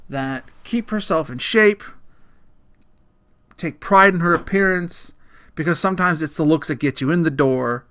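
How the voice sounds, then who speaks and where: High-voiced man ranting profanely on a podcast. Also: bright, forceful tone. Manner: profane, blunt, laughs at his own jokes. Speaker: podcast host. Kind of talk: solo comedic rant podcast.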